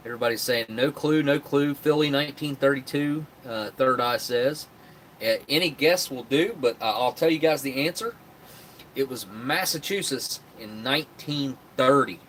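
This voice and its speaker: A West Virginia man hosts a live stream, chatting in a rambling way and reading viewer comments aloud. His voice is medium-pitched and a bit bright, at a normal speed, with slight background noise.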